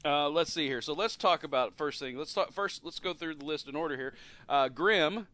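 A man's voice: on the high side, normal speed, pushed and bright, no room sound. A middle-aged man hosting a casual podcast chat, talking loosely with frequent laughs and trailing off at the ends of sentences. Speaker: podcast host.

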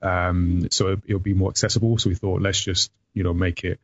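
A man's voice: low-pitched, level tone, a little fast, no echo. A British man, a guest on a podcast, talking casually about his publishing work, hesitant with many fillers. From Britain. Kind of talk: casual interview. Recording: dull lo-fi sound.

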